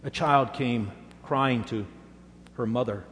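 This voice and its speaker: A man's voice: medium pitch, slow pace, a bit bright, long reverb tail, slight background noise. A man preaching a sermon, telling stories earnestly and making emphatic assurances to his congregation. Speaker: pastor.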